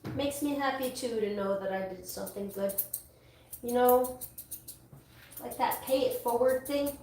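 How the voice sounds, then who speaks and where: A talkative woman grooming dogs, rambling with restarts in a fairly high voice. She sits away from the mic in a very echoey salon, with faint noise behind her. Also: normal speed, dark tone, distant mic. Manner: rambling, chatty, full of restarts. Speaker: dog groomer. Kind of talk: casual chat while working.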